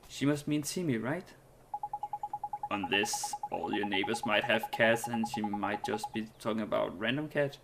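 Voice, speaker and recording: A man's voice: lowish voice, measured pace, creaky, background noise. A man casually commenting while playing a game, musing aloud and rambling with light laughs. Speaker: let's play host.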